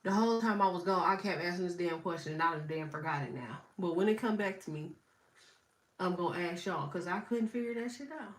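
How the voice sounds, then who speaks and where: A woman's voice: fairly low pitch, brisk. A woman in her thirties with allergies, chatting casually and animatedly as a livestream host, joking, swearing and laughing often.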